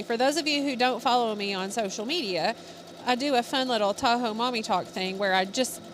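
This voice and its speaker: A woman's voice: fairly high pitch, a little hiss or hum. A woman in her thirties, co-hosting a crafting show, who chats casually and tells rambling family stories full of fillers while she sews. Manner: chatty storyteller with lots of fillers. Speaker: crafting channel co-host. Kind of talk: casual chat while sewing.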